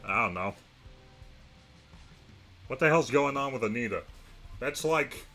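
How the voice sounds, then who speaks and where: Wry, bright-voiced male streamer. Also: mid-range voice. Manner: wry, talks to himself while reacting to the game. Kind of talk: let's-play commentary.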